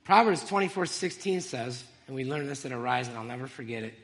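A man giving an emotional, halting church testimony, with fillers and small laughs. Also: mid-range voice, expressive, a bit bright, long reverb tail.

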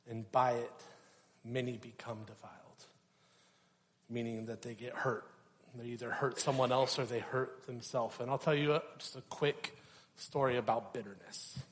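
Storytelling young man preaching in a hall. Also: medium pitch. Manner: storytelling, animated, acts out quoted voices. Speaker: pastor. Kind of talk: sermon. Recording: reverberant hall.

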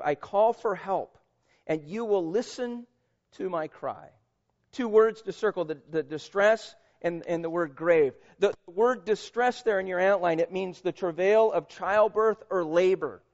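A middle-aged man preaching a sermon as pastor. His delivery is animated, swinging from loud emphasis to quiet, reflective passages. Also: high voice. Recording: dull audio in a reverberant hall.

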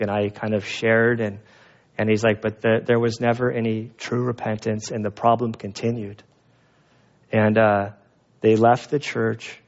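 Pastor, man, mid-pitch, animated storytelling sermon, slightly muffled recording. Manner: conversational storytelling with animated asides.

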